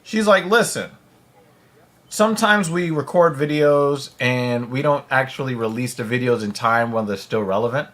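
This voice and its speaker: Bright-voiced man hosting a casual stream. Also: medium pitch. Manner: loose and chatty, with frequent fillers and restarts. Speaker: host. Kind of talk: casual chat on a live stream.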